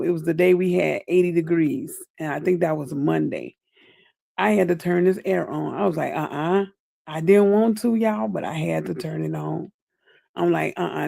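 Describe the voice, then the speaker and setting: At home, a woman hosts a casual livestream update, chatting at length with viewers she calls y'all and baby. Her fairly low voice is gravelly and dark, recorded dry with clean studio sound.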